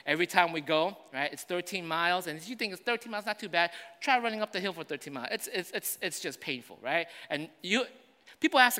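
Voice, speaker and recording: A man preaching a sermon as pastor, moving between loud, urgent declarations and quiet, conversational asides. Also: sits high, animated, quick pace, big-room sound.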